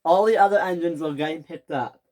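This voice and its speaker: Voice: mid-range voice, brisk, darkish tone. A young storyteller narrating a homemade toy-train story off the cuff, restarting mid-sentence.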